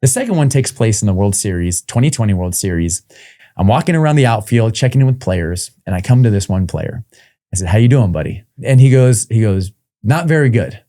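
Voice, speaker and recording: A man, a performance coach, telling lively stories in an interview and acting out the voices of the people he quotes. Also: fairly low pitch, fairly quick. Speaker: performance psychology coach, guest. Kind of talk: interview storytelling.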